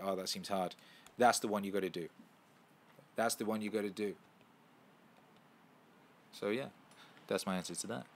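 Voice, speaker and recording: A man, hosting a casual livestream and answering viewer questions in a profane, animated way, full of restarts. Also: mid-range voice.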